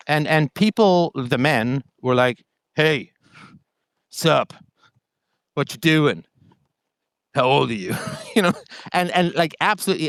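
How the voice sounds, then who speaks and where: A man's voice: a little high, fairly bright tone, dry recording. A middle-aged man hosting a call-in show, explaining points to a caller with repeated catchphrases and quoted examples. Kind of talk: conversational monologue to a caller.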